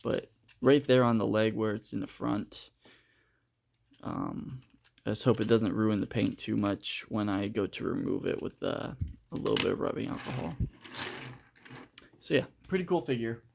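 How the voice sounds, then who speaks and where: A man's voice: lowish voice, moderate pace, vocal fry, long pauses, a little mellow. A man giving a casual, unscripted toy review, hesitant and full of fillers as he handles the figure.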